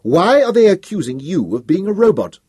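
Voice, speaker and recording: An imperious emperor of a galaxy, voiced by a man reading an audiobook, fires off indignant, demanding questions. The voice climbs higher than the narration and swings widely in pitch. It is a little husky and recorded dry and close. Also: very animated, moderate pace, darkish tone, no echo, exaggerated voice. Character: imperious, agitated galactic emperor, adult man. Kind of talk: audiobook character voice.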